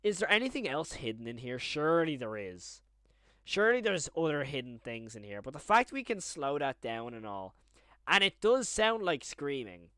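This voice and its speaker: A young man talking his way through a live stream in a chatty, rambling manner, quickly getting excited. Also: a little high, smooth, no echo, studio quality.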